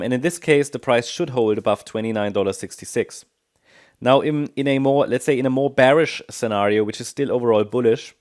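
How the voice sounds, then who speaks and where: A man walks through a market chart in a relaxed, unscripted way. He talks at a medium pitch, hesitating with ums and correcting himself as he works through his points. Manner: thinking aloud with many ums and restarts. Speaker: market analyst. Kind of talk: technical analysis commentary.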